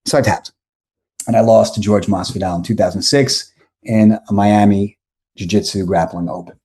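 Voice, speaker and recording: This man's voice is lowish and his pace moderate. In his forties and guesting on a podcast, he spins a long, meandering tale casually and with animation, often correcting himself along the way.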